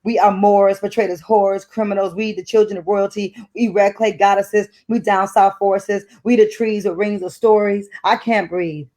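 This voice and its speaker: A woman's voice: mid-range voice, steady tone, moderate pace, hardly any pauses, warm tone. A middle-aged woman from Detroit reads poetry with a rhythmic, emphatic spoken-word delivery. Between poems she talks easily as a guest of an online book club. She is heard through a video call. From Detroit, United States. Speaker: poet, guest author.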